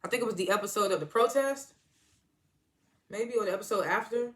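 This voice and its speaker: A reviewer giving a casual, animated recap of a TV episode, with loose, chatty talk full of asides and restarts. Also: mid-range voice, fairly quick. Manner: animated retelling, slipping into quoted lines and laughing.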